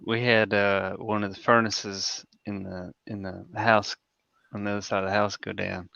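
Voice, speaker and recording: Smooth low-voiced laid-back man. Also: level tone, moderate pace, pushed and bright, no echo, muffled recording. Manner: laid-back, drawling, full of filler "uh"s. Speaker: podcast co-host. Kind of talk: casual chat.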